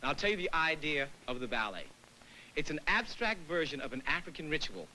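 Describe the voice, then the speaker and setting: High, sharp-voiced man teaching dance. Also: fairly quick, a little hiss or hum, low-quality recording. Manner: animated, counts beats and scats rhythms aloud. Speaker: dance company director. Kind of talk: lecture-demonstration to an audience.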